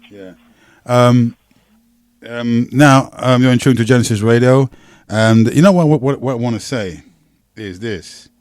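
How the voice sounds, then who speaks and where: A man's voice: mid-range voice, unhurried, darkish tone, dry recording, clean studio sound. A man hosting a live community radio talk show, speaking with many fillers and stammered restarts. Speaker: radio host.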